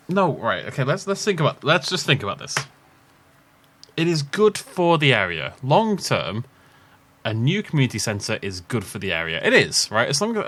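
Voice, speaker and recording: A man's voice: medium pitch, fairly bright tone. A man from the Isle of Man commenting casually on a game he is playing, rambling and thinking aloud. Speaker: let's play host.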